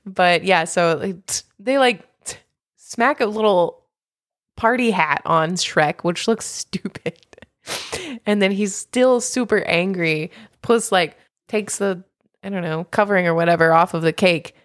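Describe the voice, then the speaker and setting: A woman's voice: lowish voice, a little slow, dry recording, studio quality. A woman co-hosting a podcast in casual chat, rambling with frequent laughs and acting out quotes. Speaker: podcast co-host.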